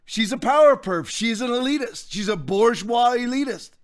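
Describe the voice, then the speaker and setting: Fiery high-voiced male podcast host. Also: lively intonation, normal speed. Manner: fiery, shouting, preacher-like. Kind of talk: political commentary.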